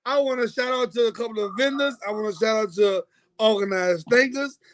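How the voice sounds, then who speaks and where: High-voiced New podcast host. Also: male voice, brisk. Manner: streetwise slang, repeats for emphasis. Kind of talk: casual chat.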